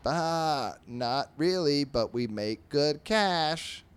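A man voicing a greedy, bossy male cartoon sheep who bleats "bah" before every line, pitched well above his own voice. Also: animated, extremely slow, smooth. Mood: sly. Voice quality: bleating "bah" at each line's start. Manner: bossy, grumpy.

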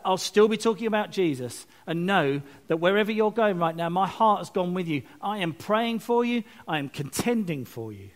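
A man giving a lively, chatty sermon with asides and self-mocking jokes. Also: high voice, normal speed, few pauses. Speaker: preacher. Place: church service, streamed online.

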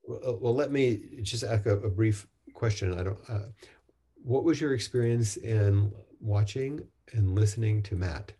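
A man leading a spiritual talk and group chanting, speaking gently and encouragingly with halting restarts. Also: fairly low pitch, slightly rough. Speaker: Zen teacher.

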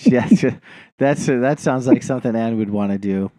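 A man's voice: mid-range voice, moderate pace, warm tone, dry recording, studio quality. A man co-hosting a podcast, telling a long, rambling story in casual chat, swearing and laughing often. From New Jersey. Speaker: podcast co-host.

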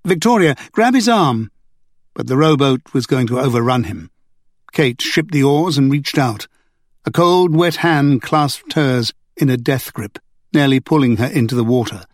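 A male audiobook narrator reads scripted narration expressively, with a medium-pitched voice at a moderate pace. The studio sound is clean and dry.

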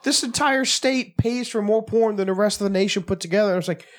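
Wisecracking married man, quick quips. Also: high voice. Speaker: podcast co-host. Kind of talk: casual chat.

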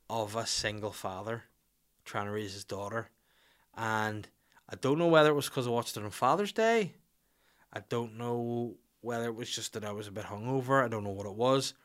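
A man's voice: mid-range voice, a bit bright. Swearing, jokey man host. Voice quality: swears freely, blunt and jokey. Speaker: podcast host. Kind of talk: casual podcast chat, reading listener questions.

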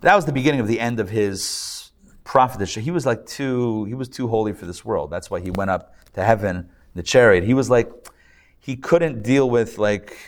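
A man's voice: fairly low pitch, moderate pace. A man, a rabbi, teaching a live class in a joking, conversational way and checking in with his audience. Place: lecture room with a live audience and online viewers.

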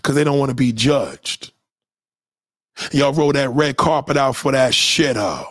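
Here a man speaks at a measured pace in a medium-pitched, slightly bright voice, captured in clean studio sound with no room noise. His profane monologue to followers is blunt and heated, and he keeps repeating himself.

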